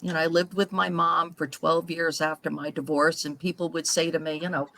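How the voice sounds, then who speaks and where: A woman's voice: low voice, steady tone, moderate pace, gravelly, few pauses, fairly bright tone. A middle-aged woman sharing personal stories earnestly in a casual group video chat. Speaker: guest author.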